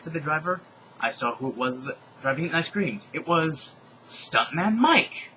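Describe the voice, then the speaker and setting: A young man doing a comedic dramatic reading of a fan story, with animated delivery, shouted dialogue and mocking asides. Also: mid-range voice, a little fast, slight background noise, rough recording.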